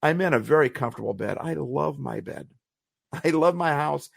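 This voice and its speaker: Gravelly guy on a podcast mic, earnest and reflective, dry close sound. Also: fairly high pitch, lively intonation, moderate pace, no room sound. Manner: earnest, reflective, repeats phrases when searching for words. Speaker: podcast co-host. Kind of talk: motivational podcast talk.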